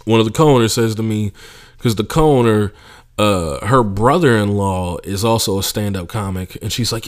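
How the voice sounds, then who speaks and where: A young man with a lowish voice hosts his own podcast, ranting through stand-up stories with casual swearing. He keeps it loose and conversational, slipping into mocking impressions as he goes. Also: moderate pace. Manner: profane, animated storytelling with mocking impressions. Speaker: podcast host, stand-up comedian. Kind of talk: casual monologue.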